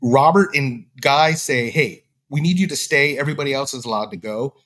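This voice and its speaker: A man's voice: medium pitch, moderate pace. A man telling a story in casual talk, acting out the voices of the people he quotes. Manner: animated, acts out quoted dialogue. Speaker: podcast guest.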